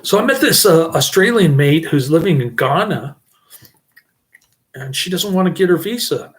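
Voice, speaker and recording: A man's voice: fairly high pitch, lively intonation, moderate pace. A middle-aged man giving a casual, rambling channel update, often breaking into chuckles. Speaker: channel host.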